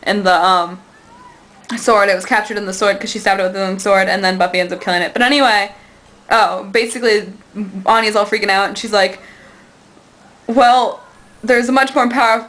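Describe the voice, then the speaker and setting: A woman's voice: medium pitch, a bit bright, poor audio. A woman rambling to the camera in a casual vlog, gushing and giggly, and acting out quoted lines in bouncy voices. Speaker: vlogger.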